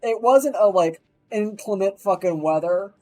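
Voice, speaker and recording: A man tells an animated, profanity-laced anecdote on a stream, rambling and quoting voices along the way. He speaks at a measured pace in a high-pitched voice, with faint music behind and low-quality audio.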